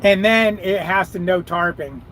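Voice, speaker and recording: A man's voice: high-pitched, a little slow, a bit bright, a little hiss or hum, poor audio. A man who drives trucks, chatting and cursing freely with viewers on a live stream from his cab. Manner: profane, rambling, talks to viewers and his dog. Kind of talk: casual live chat.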